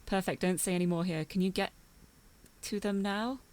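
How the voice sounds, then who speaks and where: A woman's voice: medium pitch, fairly even intonation, normal speed, darkish tone, close to an everyday voice. Woman reading a scared woman on the run. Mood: urgent hushed. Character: anxious young woman hiding, a hacker on the run.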